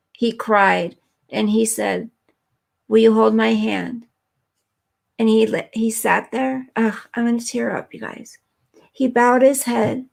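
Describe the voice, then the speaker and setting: A woman's voice: a little high, creaky. A woman hosting a live stream, chatting earnestly and emotionally with viewers and reading their comments.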